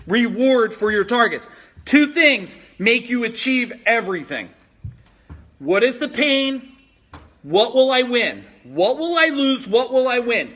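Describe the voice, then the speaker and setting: A man hosting a motivational business live stream at home, reading out viewer comments and pushing them hard with repeated phrases. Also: very high-pitched. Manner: energetic, pushy, repeats phrases for emphasis.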